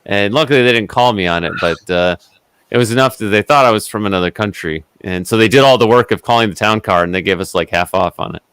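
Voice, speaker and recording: A man's voice: lowish voice, fast, fairly bright tone, clear, resonant tone, no echo. A man chatting casually on a livestream, telling a rambling story full of restarts. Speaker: guest in a livestream hangout. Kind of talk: casual chat.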